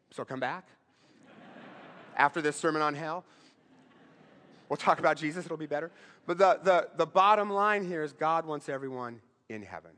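A pastor with a fairly high voice preaches a sermon, talking to the congregation like a conversation and leaning on rhetorical questions. He builds to strong, emphatic bursts, then drops to a quiet hush, surrounded by the long reverb of a large hall.

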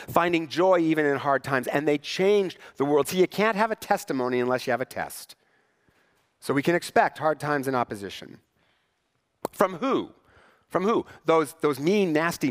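A pastor preaching a sermon in church, conversational and wry, with rhetorical questions to the congregation. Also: male voice, on the high side, in a large hall. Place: church sanctuary.

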